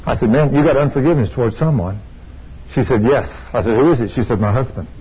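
Husky preacher telling a story. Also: male voice, mid-range voice, quick pace. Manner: storytelling, rising to excited exclamations. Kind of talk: sermon with testimony. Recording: dull lo-fi sound.

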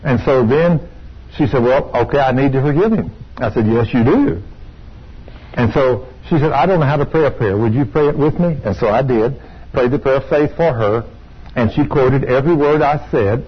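Older preacher, husky, storytelling sermon with excited praise, dull recording. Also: male voice, mid-range voice, moderate pace. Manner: storytelling, rising to excited exclamations. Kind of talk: sermon with testimony. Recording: dull lo-fi sound.

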